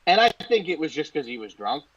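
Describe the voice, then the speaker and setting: A man's voice: fairly high pitch, very animated, brisk, a bit bright. A man co-hosting a sports talk show, casually telling a story from a game in a conversational way. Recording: slightly dull lo-fi audio.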